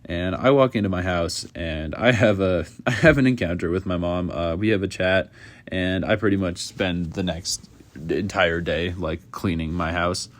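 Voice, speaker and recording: A man's voice: low voice, normal speed, no echo. A young man telling a personal story in a casual, rambling way, full of fillers. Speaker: YouTuber.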